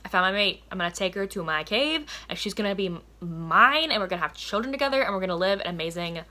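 A woman's voice: mid-range voice, lively intonation, fast talker, bright, forceful tone. A woman voicing a simple-minded male caveman hero from a romance novel, blunt and possessive.

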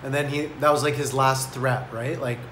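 Man, vlogger, bright voice, relaxed rambling delivery, roomy recording with faint ambience. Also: medium pitch, moderate pace, slight background noise. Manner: laid-back, rambling, lots of "like". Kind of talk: casual storytelling vlog.

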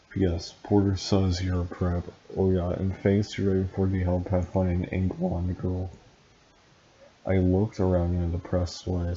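A man's voice: deep voice, dull audio, slight background noise. A man reading a story aloud for laughs, breaking in with dry, sarcastic asides. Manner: deadpan, dryly mocking. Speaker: reader and commentator.

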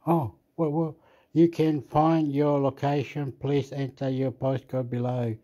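Slow, mumbling man. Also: mid-range voice, level tone, mellow. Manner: mumbling, easily annoyed, talks to the app. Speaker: app reviewer. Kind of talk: rambling screen-recording chat.

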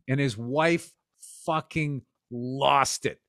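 Taking it slowly, the same podcast co-host, a man in his fifties, speaks at medium pitch with a fairly bright tone. He chats casually through profane, rambling stories and occasionally jumps into voices, on a dry, clean studio recording.

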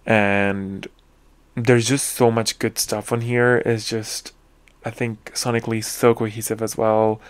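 A young man with a slightly low voice hosts his own podcast, chatting loosely about music he loves. He gushes with casual slang and leans on fillers as he thinks aloud. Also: level tone, a little slow, clean tone. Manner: enthusiastic, full of fillers and slang. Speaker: podcast host. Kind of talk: casual music review monologue.

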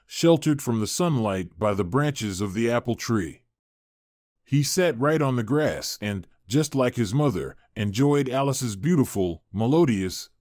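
Male storyteller, mid pitch, steady scripted narration, dry. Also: no room sound.

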